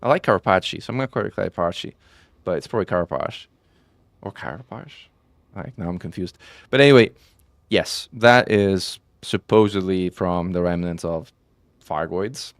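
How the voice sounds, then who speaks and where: A game streamer chats casually with his viewers, rambling and correcting himself with frequent "um" and "like." He has a low-pitched voice at normal speed, and the recording is dry.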